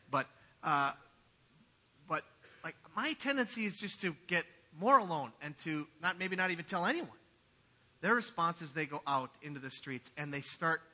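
A man preaching a sermon in a church, swinging from quiet asides to loud, emphatic passages. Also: high-pitched. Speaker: pastor. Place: church sanctuary.

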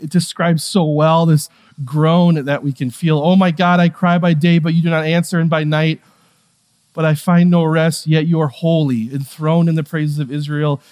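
Male pastor, fairly high voice, casual sermon delivery that drops to a hush and then builds up loud. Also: clear, resonant tone. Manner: swings from hushed, quiet passages to raised, emphatic ones; conversational, with fillers and asides.

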